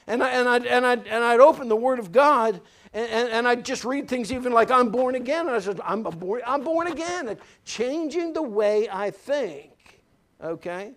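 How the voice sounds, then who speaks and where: A man with a notably high voice preaching a sermon. He talks emphatically, circling back to repeat key phrases. He mixes scripture with folksy anecdotes from his own life. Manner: folksy, tells personal anecdotes. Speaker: pastor.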